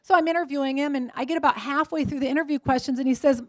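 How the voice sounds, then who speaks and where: A woman in her forties giving a keynote talk at a luncheon, telling lively stories and acting out the voices of the people in them. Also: high-pitched, very fast, dry recording. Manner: lively storytelling, acts out quoted voices. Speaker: motivational speaker.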